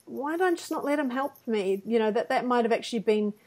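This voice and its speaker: A woman's voice: on the high side, fast talker. A woman co-hosting a podcast, telling personal anecdotes in casual conversation and acting out quotes. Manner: animated anecdotes with acted-out quotes and self-deprecating laughs. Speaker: podcast co-host.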